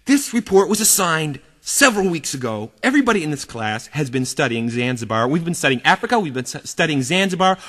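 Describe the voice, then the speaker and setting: Man doing a stern weary teacher, lecturing, exasperated, higher voice, echoey hall. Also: a bit bright. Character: stern weary male schoolteacher. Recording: reverberant hall, guitar behind.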